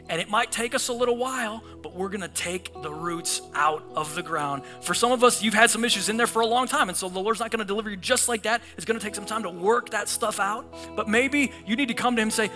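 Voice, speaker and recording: A male pastor preaching a sermon in a church auditorium, animated and acting out the voices of the people in his stories. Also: high-pitched, a little fast, soft background music. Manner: animated, acts out voices in scripture and prayers.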